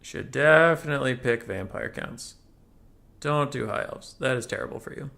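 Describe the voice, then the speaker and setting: A man's voice: medium pitch, moderate pace, gravelly, bright, forceful tone. A young man casting a strategy game tournament, chatty and joking as he thinks aloud about the matchups. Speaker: tournament caster. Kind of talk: casual game commentary.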